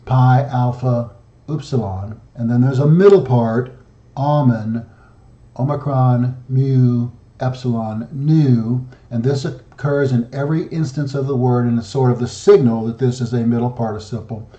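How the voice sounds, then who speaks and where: Mellow-voiced man teaching over slides. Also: medium pitch, fairly even intonation. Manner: slow, methodical, reads word forms aloud. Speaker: founder and study group leader. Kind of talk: solo language lesson over slides. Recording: dull lo-fi audio in an echoey room.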